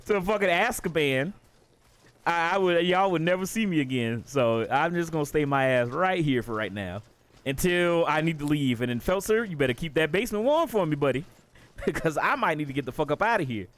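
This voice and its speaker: A man's voice: a little high, animated, a little fast. Profane, rambling streamer man with a raised voice. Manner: profane, rambling, laughs often. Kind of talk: casual live gameplay commentary.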